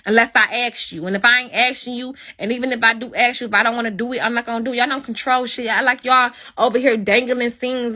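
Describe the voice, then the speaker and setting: A woman's voice: on the high side, fast talker, few pauses, pushed and bright. A woman hosting her own livestream and ranting at her viewers, blunt and heavy with swearing. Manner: blunt, profane, confrontational. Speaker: livestream host. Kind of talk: angry livestream rant.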